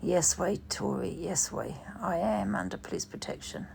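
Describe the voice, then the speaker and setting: A woman's voice: lowish voice, lively intonation, normal speed, vocal fry, darkish tone, a little hiss or hum. A woman hosting a livestream in rambling, sweary casual chat. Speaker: livestream host.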